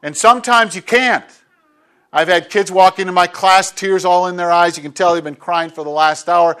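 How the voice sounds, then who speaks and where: A man's voice: high voice, steady tone, moderate pace, a bit bright, smooth. A man preaching a sermon as a pastor, talking conversationally and acting out little bits of dialogue.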